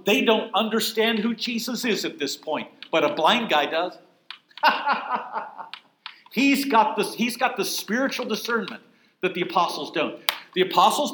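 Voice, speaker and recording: A man's voice: high-pitched, big pitch swings, moderate pace, a bit bright, reverberant, a little hiss or hum, poor audio. A man teaching a Bible class in a conversational, emphatic way, often putting questions to his listeners. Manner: emphatic, asks the room questions.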